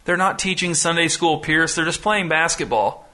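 A mild, patient pastor, as a male narrator reads him who talks in a calm, reasonable way. The voice sounds bright and slightly high. It is part of a storybook reading. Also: moderate pace.

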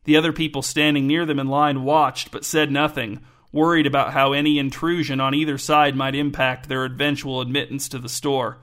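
A man narrating a novel in an even, measured storytelling manner. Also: mid-range voice. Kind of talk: audiobook narration.

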